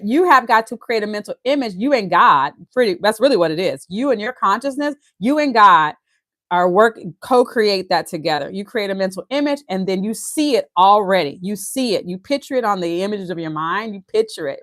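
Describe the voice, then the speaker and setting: A woman with a Louisiana Southern accent reads aloud and comments in an animated, emphatic rush, often laughing between points. Her voice sits in the middle of the range and is heard close and dry, with no room sound around it. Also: mid-range voice, brisk, dry recording. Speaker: host reading and discussing a book. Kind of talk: casual teaching, reading aloud with commentary.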